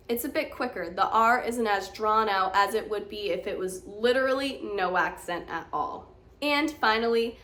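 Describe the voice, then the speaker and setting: An American woman coaching the accent, encouraging and clear as she walks learners through examples. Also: medium pitch, expressive, a little slow, sharp tone. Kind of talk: teaching lesson to camera.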